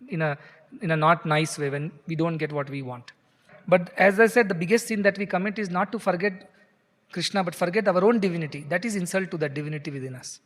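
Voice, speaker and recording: A man's voice: a little high, a bit bright, big-room sound. A man, a spiritual teacher who chants scripture verses and then explains them earnestly. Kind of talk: scripture discourse.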